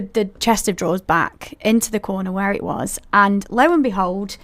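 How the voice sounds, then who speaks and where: A woman hosting a podcast, telling a paranormal story in a chatty way and talking straight to her listeners with asides. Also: mid-range voice. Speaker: podcast host.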